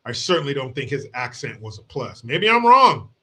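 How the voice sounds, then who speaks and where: A man's voice: medium pitch, sing-song, moderate pace, sharp tone. A man from the United States hosting a podcast, giving crude, mocking commentary and laughing often. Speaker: host.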